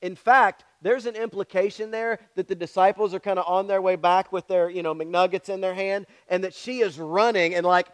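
Speaking at a moderate pace with hardly any pauses, this pastor has a high-sitting, even voice. His sermon weaves Bible stories together, complete with acted-out voices, and he regularly turns to the congregation with an "all right?"

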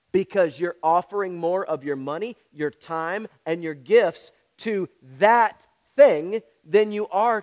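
High-voiced, blunt preaching man. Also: a little mellow. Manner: direct, repetitive and challenging, talks to the congregation. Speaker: pastor. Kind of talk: sermon.

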